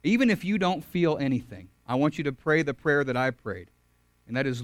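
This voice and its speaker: A young man preaching a sermon to a campus group, earnest, swinging from loud emphatic lines to soft quiet ones. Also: on the high side, expressive, a little fast, no room sound. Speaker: campus ministry speaker.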